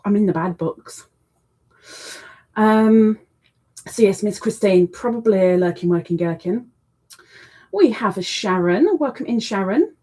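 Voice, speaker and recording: This is a woman with a dark, mid-range voice and lively intonation, hosting a laid-back crochet livestream. She's unhurried, with long pauses, as she chats with viewers, reads their messages and coos affectionately to her cat between hellos.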